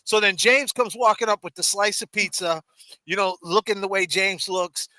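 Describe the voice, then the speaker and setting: A man spins a casual story on a livestream, acting out his friends' lines. His voice sits high and bright, with a forceful edge. The mic is close and dry, with no room sound. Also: moderate pace, dry recording. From Massachusetts. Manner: animated, acts out friends' voices. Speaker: livestream host.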